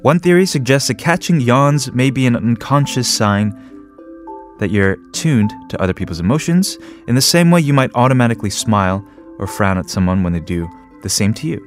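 A man's voice: mid-range voice, animated, fairly quick, soft background music. A man hosting a radio show, reading a script and then chatting with jokes and small laughs. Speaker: radio host. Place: radio studio. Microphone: studio microphone.

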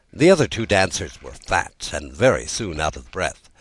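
Deep male voice reading a storybook, very lively up and down, dry close sound. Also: moderate pace, slightly rough, dry recording, low-quality recording. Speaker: audiobook narrator. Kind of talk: storybook narration.

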